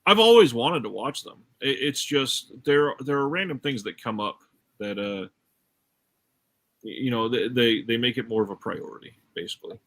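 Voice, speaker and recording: A man's voice: mid-range voice, moderate pace, fairly bright tone. A man hosting a casual film chat, talking loosely with frequent restarts and easy laughs. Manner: chatty, laughs easily, restarts. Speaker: podcast host.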